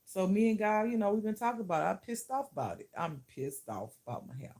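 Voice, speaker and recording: A woman's voice: medium pitch, very animated, quick pace, warm tone. A woman who teaches spirituality, talking to camera in a casual vlog, blunt and profane, often laughing.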